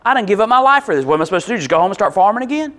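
A man voicing an agitated male disciple who talks fast in slang and repeats words for emphasis. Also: high voice, very animated, a bit bright. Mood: worried. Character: agitated adult male disciple, worried and indignant.

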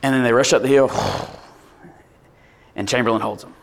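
A man preaching a sermon, telling a story with rising energy and bursts of shouting. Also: medium pitch, a little fast, slight background noise. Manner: animated storytelling, builds to shouts.

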